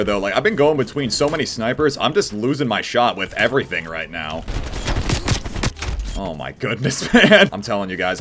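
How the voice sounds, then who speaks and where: A man giving casual, excitable gameplay commentary, chatting to viewers with frequent exclamations. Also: fairly low pitch, a little hiss or hum. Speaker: gaming YouTuber.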